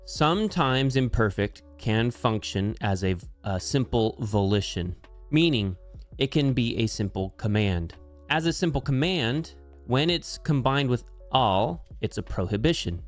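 A man at a middle pitch explains Hebrew grammar slowly and deliberately, breaking down each word one at a time. Soft instrumental music sits faintly behind his voice. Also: expressive. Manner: slow, deliberate, spells out each term. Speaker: Bible language teacher.

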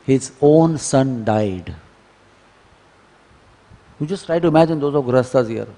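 A man giving a devotional scripture lecture in a temple, telling stories and moving between hushed and emphatic delivery. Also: medium pitch, unhurried. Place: temple hall. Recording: long temple hall reverb.

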